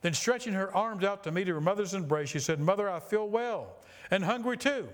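A man's voice: sits high, expressive. Impassioned male preacher reading aloud. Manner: impassioned reading that slows for emphasis. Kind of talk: sermon reading a story aloud.

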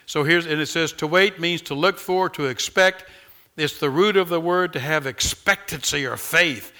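A man preaching a sermon as pastor, swinging from loud exhortation to quiet, close talk, with frequent amens and hallelujahs. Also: on the high side.

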